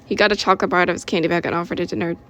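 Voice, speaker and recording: A woman's voice: fairly low pitch, steady tone, racing, a bit bright. A woman reading her own story aloud in a casual way, correcting herself as she goes. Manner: informal, with self-corrections and giggles.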